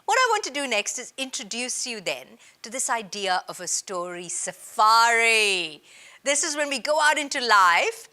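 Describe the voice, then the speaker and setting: A woman from India presents a business training session on storytelling. Her voice is bright and forceful, and her pitch moves up and down in a lively way. She stresses her points firmly, like a practiced workshop speaker. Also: moderate pace, hardly any pauses. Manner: lively, emphatic teaching delivery. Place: based in Australia.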